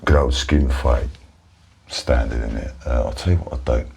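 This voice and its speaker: A man with a Cockney accent in a whispered role-play as a barber, soft-spoken and chatty, calling the listener mate. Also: extremely low pitch, moderate pace, vocal fry, slight background noise. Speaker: barber in ASMR roleplay.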